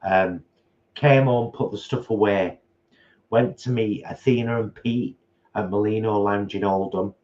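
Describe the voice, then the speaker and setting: A man's voice: lowish voice, fairly even intonation, a little slow, a little mellow, lo-fi sound. A man, co-hosting a casual live stream from home and rambling chattily through his day. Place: home, at a table.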